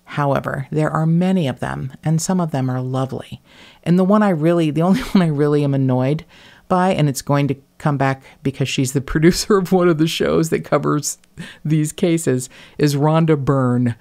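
Animated, blunt woman podcast host. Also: deep voice, moderate pace. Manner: animated and blunt, swears freely, laughs mid-sentence. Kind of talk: casual chat.

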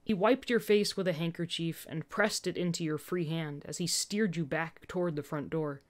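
A woman narrating a story in a gentle, earnest way. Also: fairly low pitch, normal speed. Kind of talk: storytelling narration, fan dub reading.

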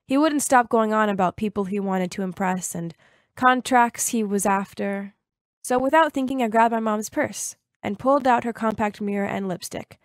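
A woman in her twenties narrating a first-person story in a lively, confiding way. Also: a little high, no room sound, studio quality.

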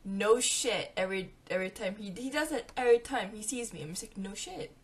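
A young woman vlogging a storytime, chatty and animated, acting out what her friends said. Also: medium pitch, fast. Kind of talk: storytime vlog.

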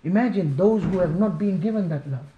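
Malawian-born male preacher, emotional sermon, high pitch, faint hiss, echoey mosque. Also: a little fast, lo-fi sound. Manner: impassioned, pleading, rises to near shouting.

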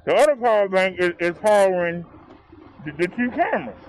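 High-voiced man chatting in a car. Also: very animated, fairly quick, slight background noise, low-quality recording. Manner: puzzled, talks to viewers, says y'all. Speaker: vlogger. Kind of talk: casual chat. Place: inside a car on a drive. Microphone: 360 camera. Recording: music playing in the background.

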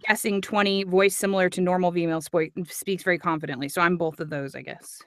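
A woman's voice: fairly low pitch, steady tone, quick pace, no room sound, clean studio sound. Chatty, giggly woman narrator. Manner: chatty and giggly, nerdy about accents. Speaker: audiobook narrator. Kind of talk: casual chat on a livestream.

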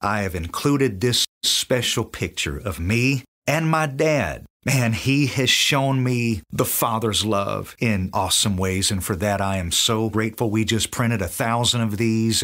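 In a low-leaning, slightly bright voice, a preacher with a Southern US accent teaches from the Bible. He is enthusiastic and acts out the dialogue he quotes.

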